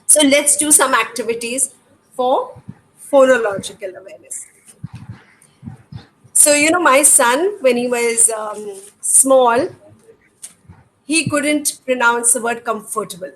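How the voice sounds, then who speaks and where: Taking it slowly with long pauses, a middle-aged educator with an Indian English accent walks parents through reading activities in a high, fairly bright voice. She demonstrates patiently and poses rhetorical questions, over poor audio carrying faint background noise.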